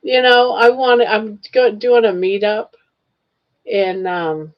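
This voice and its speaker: A woman's voice: mid-range voice, slow pace, muffled recording. An older woman hosting a casual home livestream, chatting with viewers and cooing at her pets. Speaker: livestream host. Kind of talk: casual chat while crocheting on a livestream.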